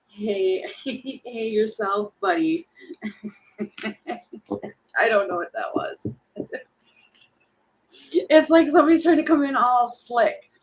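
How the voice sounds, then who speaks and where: A woman's voice: a little high, low-quality recording. A woman giving a casual tarot reading, chatty and giggly, often acting out little quoted lines. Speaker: tarot reader.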